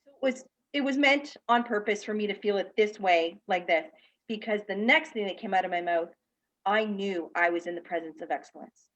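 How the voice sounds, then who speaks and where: A woman's voice: medium pitch, brisk. Candid storytelling woman, lo-fi call audio. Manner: candid, animated storyteller who acts out the people in her story. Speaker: guest speaker, practitioner and teacher. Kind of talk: personal story told in a panel talk. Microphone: video call.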